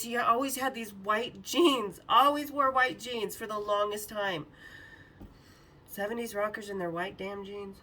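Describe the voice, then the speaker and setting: A woman podcast host telling a story casually, animated and profane, acting out quotes. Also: mid-range voice, a little slow, far from the mic, poor audio.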